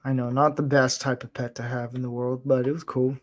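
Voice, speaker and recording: A man who grew up in Florida, talking casually at an ordinary middle pitch. He wanders from thought to thought, laughs at himself often and keeps things loose and unpolished. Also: flat delivery, fairly quick. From Florida, USA. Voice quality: rambling, chuckling, self-deprecating. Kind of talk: casual chat.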